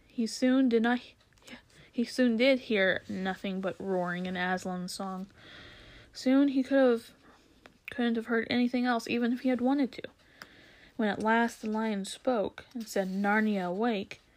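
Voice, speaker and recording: Woman reading a children's story aloud. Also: fairly high pitch. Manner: steady storytelling with occasional stumbles and restarts. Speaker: narrator.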